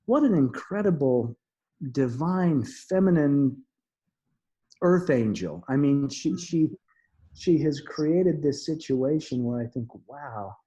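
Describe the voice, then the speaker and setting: A middle-aged man, an interview guest, recounting a personal story in an earnest, halting way with frequent restarts and soft laughs. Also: on the high side, animated, husky, highs cut off.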